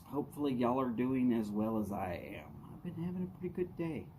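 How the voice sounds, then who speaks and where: A man's voice: mid-range voice, very animated, brisk, warm tone, a little hiss or hum. A man, casually chatting with viewers on his live stream, greeting them by name in an easy drawl. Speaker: livestream host. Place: outdoors at his house.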